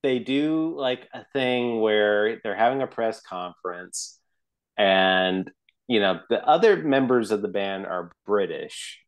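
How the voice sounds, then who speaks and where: A man's voice: lowish voice, expressive, takes it slowly, clean tone. A man co-hosting a podcast, chatting casually about a film and acting out scenes in little quoted voices. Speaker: podcast co-host. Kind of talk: casual chat about a movie.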